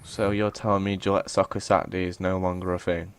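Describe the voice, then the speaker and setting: A man's voice: sits low, little pitch movement, a little fast, smooth. A young English man co-hosting a casual podcast, sarcastic and sweary, who tells stories about callers. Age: young adult. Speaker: podcast co-host. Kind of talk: casual chat.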